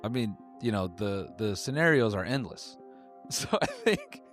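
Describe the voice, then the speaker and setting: A man's voice: lowish voice, wildly swooping pitch, measured pace, soft background music. A man giving comedic commentary, cracking sarcastic jokes between reading posts aloud. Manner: joking, sarcastic asides.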